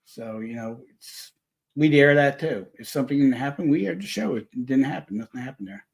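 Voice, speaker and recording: A man telling a story in a casual chat, rambling and animated, full of restarts. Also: mid-range voice, a little fast, creaky. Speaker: paranormal investigator guest.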